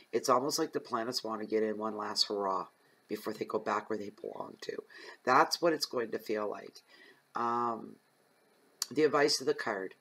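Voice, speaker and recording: A man's voice: mid-range voice, fairly bright tone, rough recording. A man giving a general tarot reading, talking straight to his listeners in an earnest, rambling way with frequent ums. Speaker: tarot reader.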